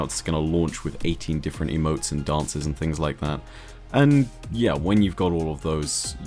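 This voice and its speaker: A man laying out gaming news in a clear, orderly, measured way during a casual discussion. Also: sits low, darkish tone. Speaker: guest commentator on a gaming discussion. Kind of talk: casual chat.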